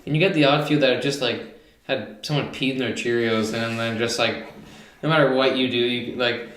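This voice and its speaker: A young man as a podcast guest, relaxed and agreeable, talking with many fillers. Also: mid-range voice, a little fast. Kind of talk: casual chat. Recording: echoey room.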